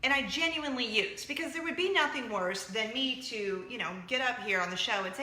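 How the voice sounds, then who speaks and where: A woman in her thirties hosting a casual chat show, excitable and jumping from point to point. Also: medium pitch, quick pace, reverberant. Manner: chatty, excitable, jumps around. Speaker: show host.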